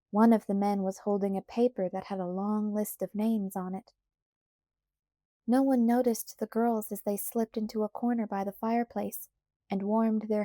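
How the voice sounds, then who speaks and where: A woman narrating a children's audiobook in a calm, even storytelling voice. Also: mid-range voice, dry recording, clean studio sound. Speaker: audiobook reader. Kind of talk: scripted narration.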